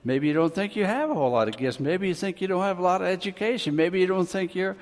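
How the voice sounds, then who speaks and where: A man's voice: high voice, quick pace. A male pastor preaching a sermon in a folksy way, joking with the congregation and swelling his voice for emphasis. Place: church hall. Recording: long hall reverb.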